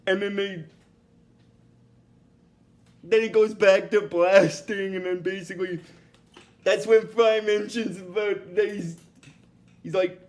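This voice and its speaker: Guy with a really high voice rambling through a cartoon recap, slow, keeps restarting and cracking up. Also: steady tone, darkish tone. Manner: rambling, with many restarts and fillers; bursts into giggly fits. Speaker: episode recap vlogger. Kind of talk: casual episode recap.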